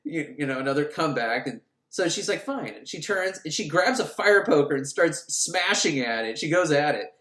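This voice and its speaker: A man's voice: on the high side, expressive, moderate pace, hardly any pauses, fairly bright tone. A man giving a sarcastic, rambling comedic recap of a movie plot. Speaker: host recapping a film. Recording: roomy echo.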